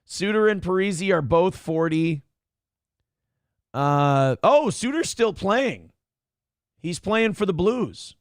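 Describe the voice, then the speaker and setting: A man's voice: high-pitched, animated, slow, pauses often, no echo, studio quality. A man hosting a morning show, chatting casually, rambling and swearing as he thinks aloud. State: a little out of breath. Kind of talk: casual live-stream chat.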